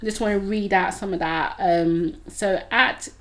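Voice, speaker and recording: A woman's voice: mid-range voice, unhurried, fairly bright tone. A woman co-hosting a casual podcast. Her voice sits in an ordinary middle register. She chats freely, laughs often and reads out comments from listeners. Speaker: podcast co-host.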